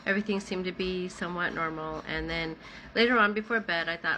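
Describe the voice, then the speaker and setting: Bright-voiced woman telling a personal story. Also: on the low side, a little fast, slight background noise. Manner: conversational, many "like" fillers. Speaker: vlogger telling her own story. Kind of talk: casual first-person storytelling.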